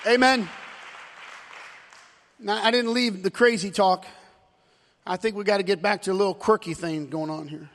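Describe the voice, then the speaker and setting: A male pastor delivers a sermon in a church sanctuary, his voice sitting very high for a man. He swings from ringing, shouted climaxes to low, confiding asides, and a long hall reverb trails each phrase. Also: fairly even intonation, moderate pace, pauses often, a faint crowd.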